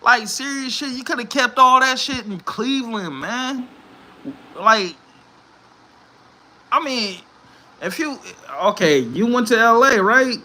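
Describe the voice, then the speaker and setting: A man giving a profane, animated sports rant from home in a casual vlog, swearing and laughing often. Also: extremely high pitch, takes it slowly, pauses often, slight background noise. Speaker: vlogger. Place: home room.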